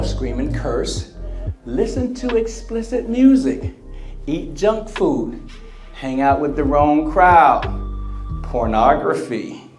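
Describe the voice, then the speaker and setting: A man giving a conference speech on emotional wellness, drawing the audience in with questions and acted-out quotes. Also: on the high side. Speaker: motivational speaker. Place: large convention center hall.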